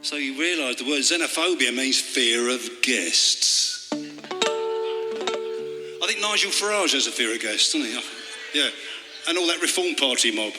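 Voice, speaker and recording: A man talking between songs at a live club gig, rambling and wry, halting with fillers and political jokes. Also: a little high. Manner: halting, with many fillers and restarts. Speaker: folk singer and storyteller. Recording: hall reverb with guitar playing.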